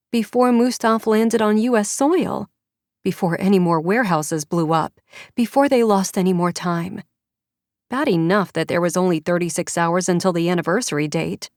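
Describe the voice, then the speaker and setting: A woman narrating an audiobook in a measured storytelling way. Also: on the low side, a little mellow, no room sound, studio quality. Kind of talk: scripted narration.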